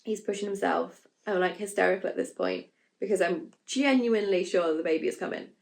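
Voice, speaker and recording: With a lowish voice and a brisk pace, a young woman from England tells her own story in a candid vlog. The telling is frank and casual, filled with fillers and side comments, and she acts out the panicked things she said.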